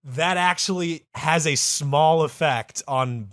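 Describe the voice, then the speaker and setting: A man's voice: fairly high pitch, slow, a bit bright, no room sound, studio quality. A man co-hosting a comedy podcast, riffing crudely and explaining things in a lecturing way, breaking into laughs. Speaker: podcast co-host.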